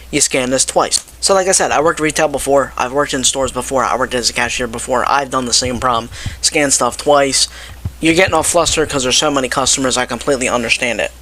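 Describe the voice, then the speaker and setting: Bright-voiced young man ranting casually. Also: mid-range voice, a little hiss or hum. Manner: animated, exasperated, quotes people in his telling. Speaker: vlogger. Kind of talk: casual ranting story to camera.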